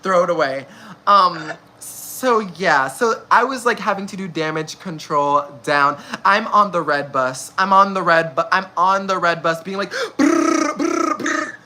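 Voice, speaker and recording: A young woman in her early twenties, a vlogger, tells a messy gossip story in casual, slangy chat, laughing often. Her voice is lowish and unhurried, with background noise present.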